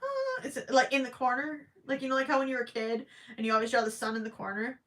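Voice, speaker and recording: A woman's voice: high-pitched, lively intonation, fast, a bit bright. Chatty woman crocheting on a live stream. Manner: chatty, thinks aloud, stammering restarts. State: voice cracking from long talking. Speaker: crochet livestream host. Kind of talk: casual live chat while crocheting.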